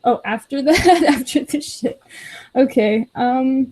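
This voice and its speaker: A woman's voice: sits high, slow pace, dark tone, poor audio. A woman co-hosting a casual chat, exasperated and swearing while she scrolls for a comment. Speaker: co-host.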